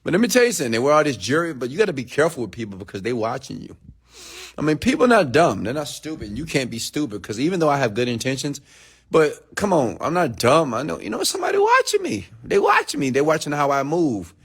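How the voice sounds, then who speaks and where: Man, casual rant to camera, lively delivery with put-on voices for others. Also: quick pace, breathy edge. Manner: animated, talks straight to viewers, acts out others in high voices. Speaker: online entrepreneur and mentor. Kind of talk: casual late-night rant.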